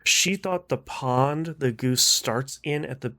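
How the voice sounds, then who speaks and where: A man hosts a casual gaming podcast at an ordinary middle pitch. He chats freely, laughs often and fills pauses with little hesitations. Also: bright, forceful tone. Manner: chatty, laughs often, many fillers. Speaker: podcast host.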